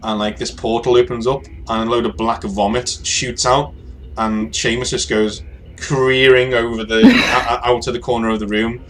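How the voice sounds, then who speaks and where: A man narrating a tabletop role-playing game as game master, halting and full of fillers. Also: medium pitch, little pitch movement, a bit bright, a little hiss or hum.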